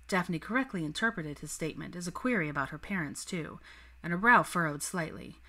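Low-pitched woman reading a story aloud. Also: lively intonation, fairly quick, pushed and bright. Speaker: fanfiction reader. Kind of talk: storybook narration.

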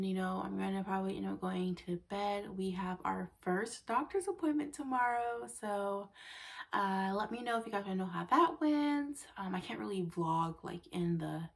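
A woman's voice: medium pitch, creaky. A young woman vlogging to her camera in a casual chat. She sounds tired and a little out of breath, uses lots of fillers and often drops to a whisper.

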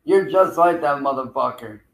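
A man's voice: mid-range voice, normal speed, fairly bright tone, roomy sound, rough recording. A man streaming live, taunting and cursing at a rival who keeps failing to show up. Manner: taunting, profane, calling out a rival. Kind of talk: livestream trash talk.

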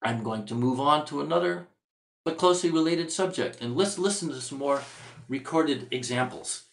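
A man's voice: fairly high pitch, moderate pace, gravelly. A man giving a music workshop lesson, explaining in a thoughtful, searching way. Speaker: music teacher. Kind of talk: instructional workshop lecture. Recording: echoey room sound.

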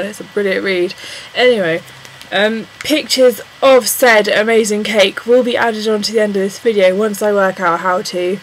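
A young woman with an English accent, chatting excitedly and rambling through a casual vlog with plenty of ums. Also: medium pitch, moderate pace, slight background noise, low-quality recording. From England. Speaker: vlogger.

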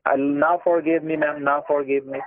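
A man's voice: a little high, little pitch movement, moderate pace, dry recording. A man on a phone call, pleading and insistently repeating "ma'am", heard through a tinny phone line. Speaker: scam caller on the phone.

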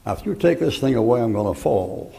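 A man's voice: mid-range voice, lively intonation, brisk, creaky, warm tone. An older man preaching a folksy, joking sermon, acting out voices in his stories.

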